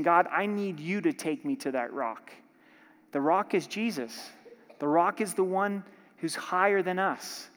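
A man preaching a sermon as pastor, emphatic and dramatic, acting out prayers and joking with the congregation. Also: on the high side. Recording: long hall reverb.

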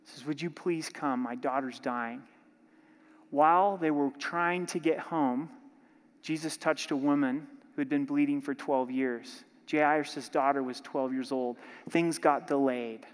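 A man's voice: fairly high pitch, steady tone, unhurried. A man preaching a sermon as pastor, emphatic and dramatic, acting out prayers and joking with the congregation. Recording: long hall reverb.

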